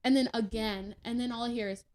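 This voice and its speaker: A woman's voice: fairly high pitch, steady tone, fast talker, a little mellow. Chatty young woman telling a story. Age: young adult. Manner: chatty, laughing, many fillers and restarts. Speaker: podcast guest. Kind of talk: casual storytelling.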